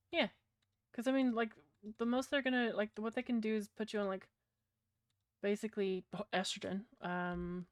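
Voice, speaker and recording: A woman's voice: mid-range voice, clean tone, no echo. A woman with a British accent, chatting casually and bluntly with her livestream viewers, rambling and swearing freely. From Britain. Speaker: streamer.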